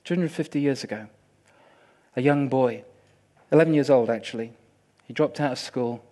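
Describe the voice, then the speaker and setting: A male preacher delivering a sermon, swinging between hushed, intimate passages and loud, impassioned outbursts. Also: mid-range voice, normal speed.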